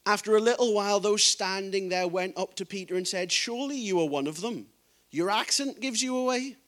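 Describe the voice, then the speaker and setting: A man delivers a sermon in a noticeably high voice. He reads scripture passages softly, then builds to forceful, emphatic preaching. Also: a little fast.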